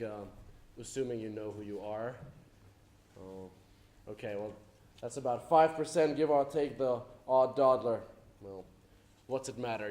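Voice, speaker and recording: A man's voice: medium pitch, a little mellow, natural voice. A man as an officious wartime survey official. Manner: brisk, officious, addressing a crowd, hesitant fillers. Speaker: stage actor. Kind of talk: live stage play acting. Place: theatre stage. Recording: echoey theatre stage.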